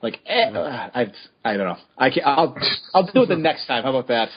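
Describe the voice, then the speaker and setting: A man co-hosting a podcast in casual chat, quick, playful and easily amused. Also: mid-range voice, expressive, breathy edge. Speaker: podcast co-host. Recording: dull lo-fi podcast audio.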